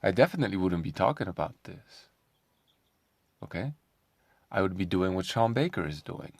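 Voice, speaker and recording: A man's voice: low voice, animated, moderate pace, vocal fry, long pauses, no room sound, studio quality. A man talking in a casual commentary vlog, sarcastic and combative, firing off rhetorical questions. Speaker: online commentator.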